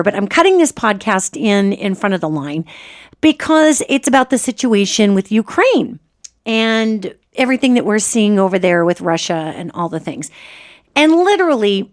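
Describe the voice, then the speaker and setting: A woman hosting a podcast in a chatty, casual monologue, her voice gritchy and a little hoarse from allergies. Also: mid-range voice. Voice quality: gritchy, slightly raspy. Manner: chatty and animated, jokey asides. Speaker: podcast host.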